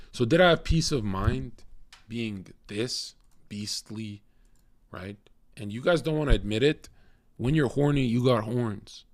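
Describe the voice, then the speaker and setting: A man's voice: mid-range voice, no echo, clean studio sound. A young man streaming and lecturing his chat in a crude, cocky, swearing monologue. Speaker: livestreamer talking to chat. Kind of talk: casual blunt stream monologue.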